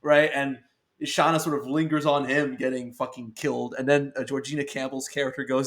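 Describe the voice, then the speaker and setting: A man's voice: mid-range voice, flat delivery, brisk, a bit bright. A man in casual podcast chat, blunt and sweary, laughing often and stacking fillers as he reviews a film. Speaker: podcast guest film critic.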